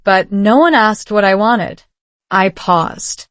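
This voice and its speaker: A woman giving calm, measured scripted narration of a story for English learners. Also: mid-range voice, no echo.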